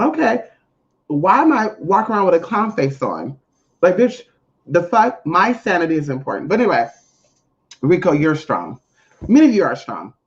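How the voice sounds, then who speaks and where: A spiritual reader in a casual monologue to viewers, blunt, profane and emphatic, with big swings in pitch. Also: very animated, moderate pace, long pauses. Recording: dull lo-fi audio.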